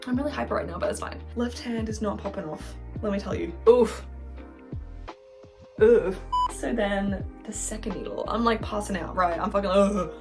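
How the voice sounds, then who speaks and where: A woman's voice: medium pitch, normal speed. A young woman telling a rambling storytime on her bed, swearing constantly and talking animatedly while she paints her nails. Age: young adult. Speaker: vlogger. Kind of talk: casual storytime chat. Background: faint background music.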